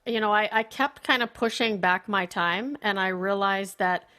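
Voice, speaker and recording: A woman's voice: medium pitch, normal speed. Candid woman guest on a podcast. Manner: candid, animated storytelling. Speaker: podcast guest, performance consultant. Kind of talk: casual podcast conversation.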